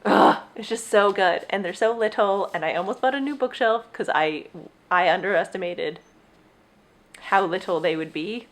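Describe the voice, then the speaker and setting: A woman's voice: medium pitch, normal speed. A young adult woman hosting her own podcast, chatting casually and rambling with gushing enthusiasm. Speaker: podcast host. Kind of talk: casual solo chat.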